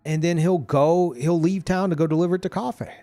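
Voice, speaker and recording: A man streamer chatting casually about a video game, animated and profane, laughing often. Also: fairly high pitch, brisk, faint music behind.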